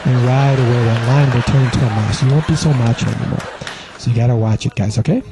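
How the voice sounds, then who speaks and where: A man's voice: mid-range voice, fairly even intonation, quick pace, loud music behind the voice. A male comedian delivering a rambling comedy monologue, full of casual asides. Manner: rambling, many filler asides. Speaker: stand-up comedian.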